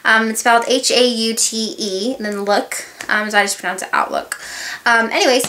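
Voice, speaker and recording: A woman chatting her way through a beauty haul review, rambling from point to point with plenty of asides. Her voice sits a little high and sounds bright and forward. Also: normal speed. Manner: rambling, chatty, full of filler words and asides. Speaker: beauty vlogger. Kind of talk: casual haul review chat.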